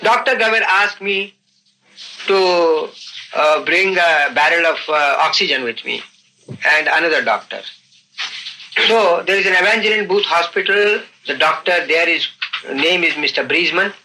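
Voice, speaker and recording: An older man recounting events in an unscripted interview, earnest and halting, often saying "you see". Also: a little high, lively intonation, sharp tone, rough recording. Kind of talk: unscripted storytelling.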